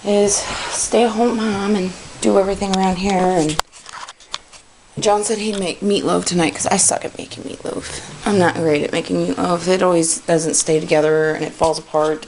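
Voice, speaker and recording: A woman's voice: fairly low pitch, fairly even intonation, normal speed. A young woman, a stay-at-home mom, chatting casually and a bit out of breath while tidying her child's bedroom, rambling and sighing between thoughts. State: out of breath, panting. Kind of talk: casual home vlog chat. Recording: noisy home-camera recording.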